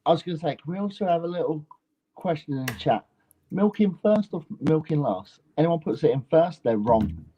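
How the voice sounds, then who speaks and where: A man's voice: fairly high pitch, lively intonation, normal speed, highs cut off, slight background noise. A man joining as a guest over a video call, chatting bluntly and jokingly.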